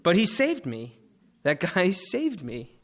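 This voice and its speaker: A young man from Florida telling an emotional personal story on stage, animated, full of likes and fillers. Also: high-pitched, slow pace. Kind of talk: live personal storytelling talk.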